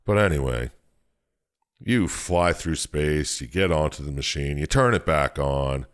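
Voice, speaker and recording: A man with a very deep, low voice, recapping a game's story for his co-hosts. He tells it with plenty of swearing and jokes, in loose, casual chat. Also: expressive, a little slow. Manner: profane, joking storyteller. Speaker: podcast co-host.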